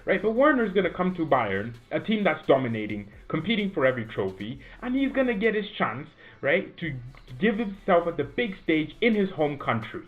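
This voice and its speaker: Recorded with a thin, phone-like quality in a room at home, this football fan channel host talks at a moderate pace in a higher-pitched voice. His commentary is casual, animated and rambling, with "right?" tacked onto his points again and again.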